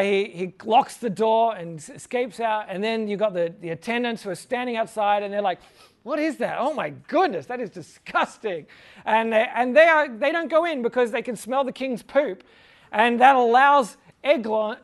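Jokey high-voiced man teaching the Bible. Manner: jokey, chuckling, fills talk with "like". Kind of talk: casual humorous Bible talk.

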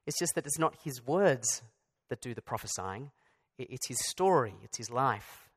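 A man's voice: medium pitch, lively intonation, normal speed, breathy edge. A man preaching a sermon in a conversational way, with asides and restarts. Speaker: pastor.

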